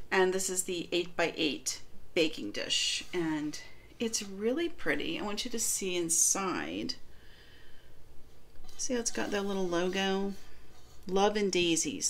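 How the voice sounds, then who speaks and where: A woman's voice: fairly low pitch, sing-song, unhurried, fairly bright tone, a little hiss or hum. A middle-aged woman from the northern United States, chatting casually through a baking demo and product review with lots of fillers. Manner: chatty, rambling, many fillers. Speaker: baking vlogger.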